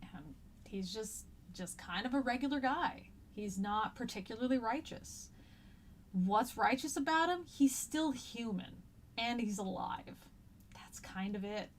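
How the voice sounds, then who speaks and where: A woman's voice: a little high, expressive, a little slow, a little hiss or hum. A woman teacher giving a casual, chatty lecture, paraphrasing old texts in slangy everyday words.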